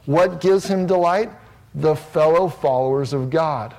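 Man preaching, kinda high voice, earnest and emphatic, keeps restarting phrases. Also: measured pace, a little mellow. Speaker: pastor. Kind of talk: sermon.

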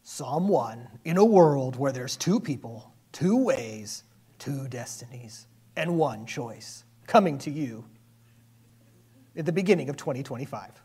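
A booming male movie-trailer announcer rolls out each phrase with slow, theatrical weight, as a pastor puts the voice on. The delivery is grand and drawn out. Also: animated, dark tone, breathy edge. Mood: dramatic.

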